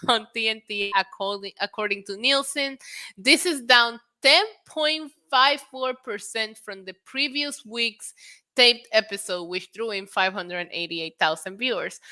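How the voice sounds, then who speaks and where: A woman's voice: a little high, pushed and bright. A woman with a New York accent hosting a casual wrestling news livestream, chatting freely, swearing and laughing as she reads headlines and viewer comments. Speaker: wrestling talk show host.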